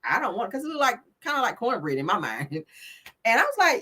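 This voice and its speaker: A woman's voice: medium pitch, sing-song, fairly quick, sharp tone, breathy edge. A woman hosting a casual commentary show, reading viewer comments in a slangy way and laughing often. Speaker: show host.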